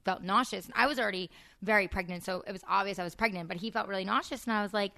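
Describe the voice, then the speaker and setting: A woman as a podcast guest, chatting casually and acting out quotes in animated stories. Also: mid-range voice, racing, creaky, no room sound, clean studio sound. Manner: animated storyteller, acts out quotes. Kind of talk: casual chat.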